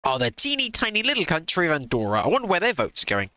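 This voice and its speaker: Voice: medium pitch, huge pitch swings, fast talker, bright, forceful tone, dry recording. A streamer giving sarcastic live reaction commentary into a close desk mic, swearing freely.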